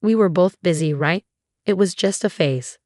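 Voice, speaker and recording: Dry, low-voiced woman narrating a story. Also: moderate pace, darkish tone, no echo. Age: young adult. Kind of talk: scripted first-person story narration.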